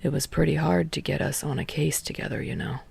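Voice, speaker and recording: Brief: woman playing a soft-spoken, smug young guy, low and drawling, gravelly edge. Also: a little fast, full character voice. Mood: calm. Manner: quiet, drawling, calm. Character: calm, smug young male pro hero, lazy drawl.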